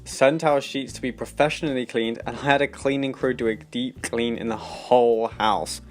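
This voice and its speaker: A man with a British accent narrating a forum story in a steady, scripted read. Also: mid-range voice. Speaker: story reader. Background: faint background music.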